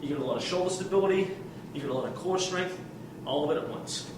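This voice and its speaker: A man demonstrating warm-up drills as a fitness coach, talking with energy and counting reps as he exercises, sometimes out of breath. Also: fairly high pitch, fast. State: out of breath at times. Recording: roomy, distant mic with ambient noise.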